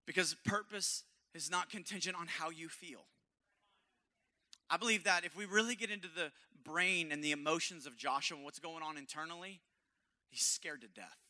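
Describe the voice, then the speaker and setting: A male pastor preaching an impassioned sermon at a church service, hoarse, dropping to a hush and then rising loud. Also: on the high side, normal speed. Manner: impassioned, swinging from hushed to loud.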